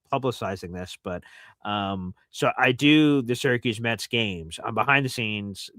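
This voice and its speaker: A man's voice: medium pitch, no room sound, clean studio sound. A man hosting a casual sports chat show, rambling and telling stories with lots of fillers. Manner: rambling, animated storytelling with fillers. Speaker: host.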